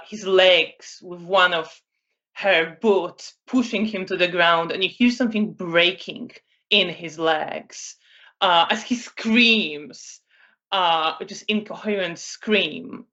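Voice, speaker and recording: A woman narrating a tabletop role-playing game as storyteller, in an unhurried way with many fillers. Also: lowish voice, fairly bright tone, muffled recording.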